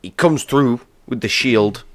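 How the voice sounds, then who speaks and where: A man's voice: mid-range voice, a little slow, a bit bright, no room sound. A young man co-hosting a casual TV review chat, joking and teasing his friend. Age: young adult. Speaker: co-host reviewing a TV series.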